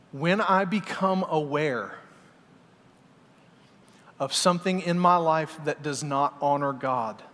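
Man preacher with a high voice, fiery yet chatty, long church-hall reverb. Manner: energetic, swings between loud exhortation and quiet asides. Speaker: pastor. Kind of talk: sermon. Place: large church sanctuary.

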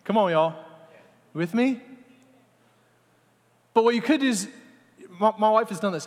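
Male pastor, high voice, animated sermon with acted-out scenes, long hall reverb. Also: measured pace, pauses often. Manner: animated, acts out little scenes, talks to the congregation.

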